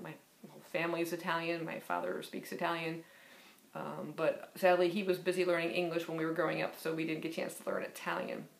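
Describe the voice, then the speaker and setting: A woman in her fifties rambles through a list of questions, her answers full of ums and uhs. Her voice sits low and has a gravelly fry. The room around her sounds echoey. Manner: rambling, filler-heavy, chatty. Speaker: book vlogger. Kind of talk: casual tag video, reading questions aloud.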